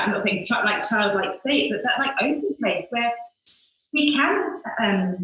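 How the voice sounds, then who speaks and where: A woman's voice: fairly high pitch, fairly bright tone. Young woman in an echoey room. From Manchester, England. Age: young adult. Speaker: interview guest. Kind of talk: casual interview chat.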